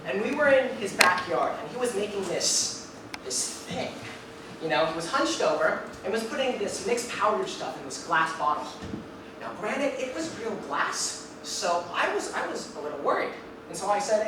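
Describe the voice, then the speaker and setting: A young man performing a one-man stage story, animated and acting out each scene. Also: sits high, normal speed. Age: young adult. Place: theater stage before an audience. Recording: echoey live theater, distant mic, noisy.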